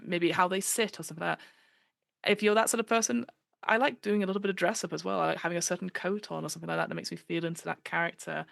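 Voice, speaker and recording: Fast, gravelly-voiced woman guest. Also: fairly low pitch, no echo. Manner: animated, acts out quoted voices, many fillers. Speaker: podcast guest, improviser. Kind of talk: casual podcast chat.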